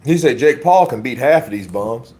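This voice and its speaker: A man's voice: mid-range voice, animated, moderate pace, darkish tone. A man hosting casual boxing commentary on a livestream, blunt and profane, talking to his chat as bro.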